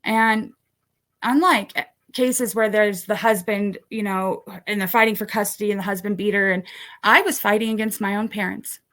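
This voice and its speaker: At a conference workshop, a woman tells her own story while showing documents. Her delivery is emotional, breaking off and restarting, and her voice climbs high whenever she becomes indignant.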